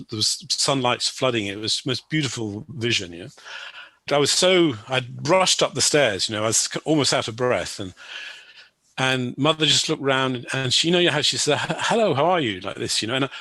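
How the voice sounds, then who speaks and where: Male guest, crisp dry voice, meandering anecdote full of restarts. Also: mid-range voice, pushed and bright, dry recording. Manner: rambling, full of "you know" and restarts. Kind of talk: personal storytelling.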